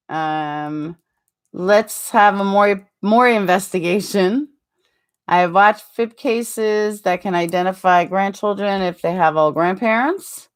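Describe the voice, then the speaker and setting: A middle-aged woman talks casually to her stream chat, rambling from one thought to the next. Her voice sits at an ordinary middle pitch. She is animated and full of ums and quick asides. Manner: animated, jumps higher when acting out quotes. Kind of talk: casual live-stream chat, answering viewers.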